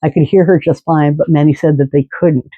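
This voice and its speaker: A man's voice: a little high, fairly even intonation, a little fast, dry recording, narrow, tinny audio. A man telling a long, rambling story in a casual, chatty way, full of fillers and restarts. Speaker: fan podcast host.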